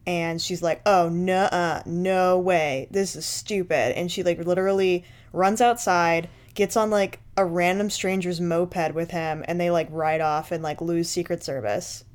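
A woman's voice: fairly low pitch, steady tone, moderate pace, few pauses, clean tone. A woman casually recapping a movie for a podcast, sarcastic and profane, laughing often. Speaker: podcast co-host.

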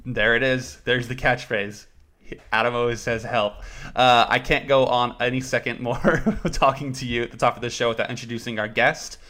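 A man's voice: medium pitch, fairly even intonation, moderate pace, pushed and bright. Joking young man hosting a podcast. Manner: joking, self-mocking, rambling. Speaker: podcast host. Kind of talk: casual podcast chat.

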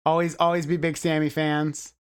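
A young man co-hosting a casual podcast, his voice smooth and resonant, pitched a bit above the usual. He jokes, rambles and laughs easily as he talks with his co-host and guest. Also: little pitch movement, normal speed. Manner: jokey, rambling, laughs often.

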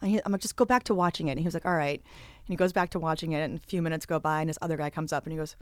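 A woman's voice: deep voice, racing, no echo, studio quality. A woman in casual chat, telling an anecdote and acting out what people said. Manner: animated storyteller who acts out quotes.

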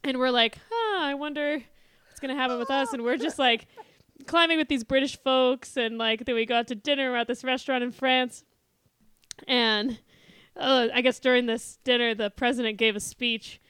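A young adult woman in casual chat, telling an animated story full of quoted voices and frequent laughter. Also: a little high, moderate pace, smooth, no echo. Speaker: guest telling a travel story.

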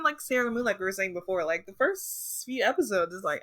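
A woman's voice: mid-range voice, animated, moderate pace, few pauses, a bit bright. A woman co-hosting a podcast, chatting casually, chiming in eagerly and laughing along. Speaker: podcast co-host. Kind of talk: casual chat.

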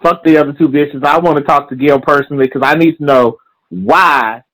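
A man's voice: on the high side, fairly quick, fairly bright tone, rough recording. A man in a heated, profane comedic rant, insulting people and repeating lines for emphasis.

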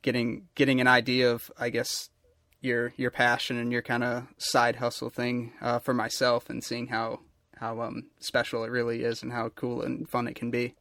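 A man's voice: mid-range voice, completely flat delivery, normal speed, fairly bright tone, no room sound, studio quality. A man interviewing a guest in a casual chat, rambling enthusiastically.

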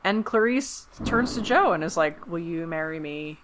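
A woman with a somewhat low voice, co-hosting a podcast and retelling a film scene by scene. She talks casually and animatedly, and slips into quick put-on voices for the characters. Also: lively intonation, noisy background. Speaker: podcast co-host. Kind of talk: casual movie recap chat.

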